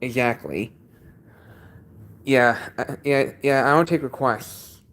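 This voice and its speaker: A man livestreams from his basement, chatting casually in a medium-pitched, slightly bright voice. He sounds congested and speaks haltingly, repeating each sentence.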